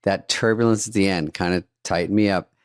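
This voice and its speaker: A man's voice: deep voice, fairly even intonation, a little fast, clean tone, no echo. A man in his sixties, co-hosting a podcast and telling stories with dry jokes in casual chat. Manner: dry, joking storyteller. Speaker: podcast co-host.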